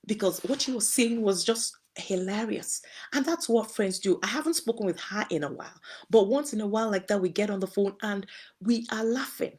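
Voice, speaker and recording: Husky Nigerian-born woman giving marriage advice. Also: mid-range voice, fairly quick, darkish tone. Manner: earnest, advising, with homely examples. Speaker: host. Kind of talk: relationship talk to listeners.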